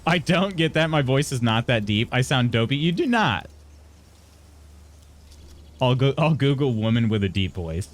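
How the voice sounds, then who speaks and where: Chatty man with vocal fry. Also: medium pitch, very animated. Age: 30s. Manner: chatty, laughs often, halting restarts. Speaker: streamer reading chat. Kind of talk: casual live-stream chat.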